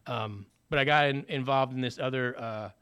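A man's voice: mid-range voice, normal speed, a bit bright, clear, resonant tone. A man telling his personal recovery story in a conversational way, with many fillers and acted-out bits of dialogue. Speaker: speaker sharing a recovery story.

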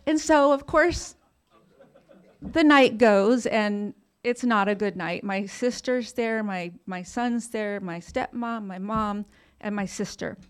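A woman's voice: medium pitch, takes it slowly, smooth. A woman frankly telling her own recovery story, self-deprecating and casually swearing, laughing through painful memories. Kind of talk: candid personal storytelling.

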